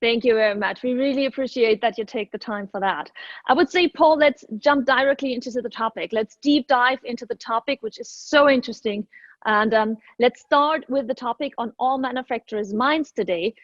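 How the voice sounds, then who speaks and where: A woman hosting an online panel discussion in a courteous, formal way. Her voice sits a little high and sounds dry and close. The audio is dull and lo-fi, like a remote call. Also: normal speed, dry recording. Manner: polite, formal welcomes and thanks. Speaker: moderator.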